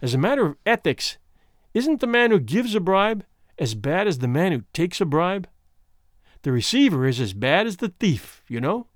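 A man's voice: high voice, no room sound, clean studio sound. A man reading an audiobook, voicing a smug, scheming man who speaks in a soothing, mocking, overly polite way.

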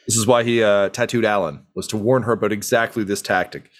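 A man's voice: fairly low pitch, fairly even intonation, moderate pace. A man narrating as game master, in a casual, rambling way full of fillers.

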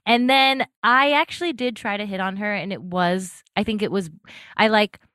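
A woman's voice: mid-range voice, normal speed, fairly bright tone, no room sound. Guest, woman, self-deprecating and laughing, close dry sound. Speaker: podcast guest. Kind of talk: casual chat.

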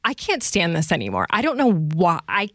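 A woman's voice: fairly low pitch, huge pitch swings, moderate pace, a bit bright, no echo. Chatty, laughing middle-aged woman, dry close sound. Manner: chatty storyteller, laughs often. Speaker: podcast host. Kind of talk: casual chat.

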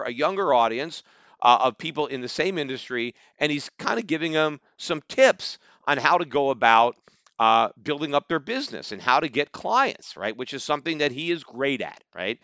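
A man hosts his own podcast, delivering opinionated commentary with a forceful, pointed edge. He is animated and mocking, and his voice climbs high when he gets worked up. The sound is dry and close, a little dull. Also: dry recording. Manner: animated, mocking, rising to near-shouts when quoting critics. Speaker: podcast host.

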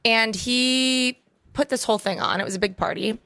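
A woman co-hosting a podcast, chatting casually and telling stories in an animated way. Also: on the high side, moderate pace, vocal fry, no echo. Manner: chatty storyteller, animated retelling. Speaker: podcast co-host. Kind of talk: casual chat.

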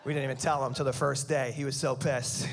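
A man's voice: mid-range voice, flat delivery, fairly quick. A man in his thirties doing a stand-up set before a live audience, sarcastic and teasing the crowd. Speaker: stand-up comedian. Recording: live show with clear crowd noise.

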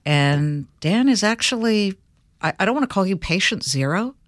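A woman hosting an interview podcast, talking lively and directly to her listeners. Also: medium pitch, normal speed, no room sound, studio quality. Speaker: podcast host. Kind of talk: host interview and read ad.

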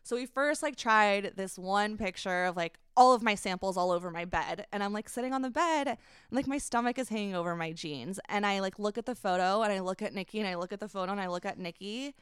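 A woman's voice: mid-range voice, fairly quick, clean tone, no echo, clean studio sound. A woman in her twenties, a guest on a podcast, telling a personal story in a hesitant, emotional way, full of likes and ums. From United States. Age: 20s. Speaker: guest, brand founder.

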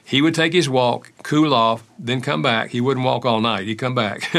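Older man telling stories, gravelly and bright. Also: mid-range voice, fairly even intonation, moderate pace. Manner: acts out quoted dialogue in stories. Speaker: author and counselor. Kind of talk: storytelling interview answers.

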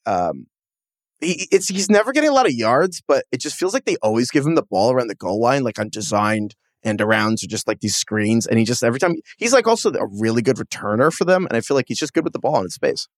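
A man co-hosting a sports podcast in casual chat, animated and chatty and quick to laugh at himself. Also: medium pitch, no room sound, studio quality. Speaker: podcast co-host.

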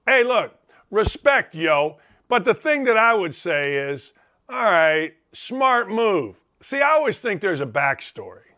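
Brash, bright-voiced sports talk host man. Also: high-pitched, big pitch swings, slow pace. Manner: brash, rambling, addresses chat viewers directly. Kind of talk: animated sports talk monologue.

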